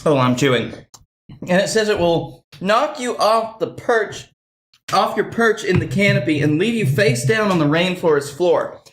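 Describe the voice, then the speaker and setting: Relaxed man in an echoey room. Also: high voice, measured pace. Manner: relaxed, agreeable, reads sauce notes calmly. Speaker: podcast co-host. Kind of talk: casual hot-sauce challenge chat.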